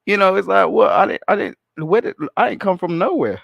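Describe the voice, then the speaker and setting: A man calling into a live stream, telling his story in a casual, animated way, swearing and laughing as he goes. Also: high-pitched, a little fast, vocal fry, no echo, lo-fi sound. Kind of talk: casual chat.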